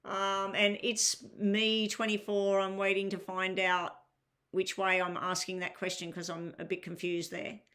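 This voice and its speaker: A woman's voice: mid-range voice, completely flat delivery, a little slow, a bit bright. A tired woman with a crackling voice doing a live-stream tarot reading, talking casually to viewers in chat and asking them to clarify their questions. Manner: chatty, asks viewers to clarify, filler-heavy.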